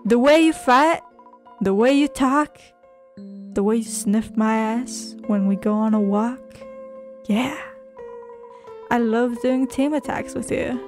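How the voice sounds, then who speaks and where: A woman's voice: fairly high pitch, takes it slowly, long pauses, a little mellow, soft background music. A woman voicing a laid-back male royal guard who talks like a slangy dude and says "like" often. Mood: lovesick. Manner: slangy, drawling, says "like" a lot.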